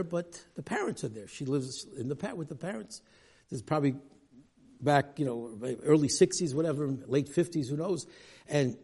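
A man's voice: mid-range voice, gravelly, mellow, slightly rough. A man giving a weekly religious talk, telling a story animatedly and acting out the people in it. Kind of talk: storytelling sermon.

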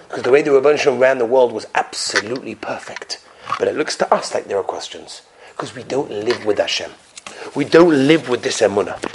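A man giving a storytelling sermon, animated, who drops to quiet whispers for emphasis and asks his listeners rhetorical questions. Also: on the high side, a little hiss or hum. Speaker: rabbi giving a weekly Torah talk.

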